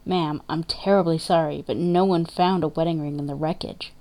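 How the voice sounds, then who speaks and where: A woman's voice: sits low, steady tone, normal speed, mellow, close to an everyday voice. Woman reading as a formal, apologetic army officer. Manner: polite, formal.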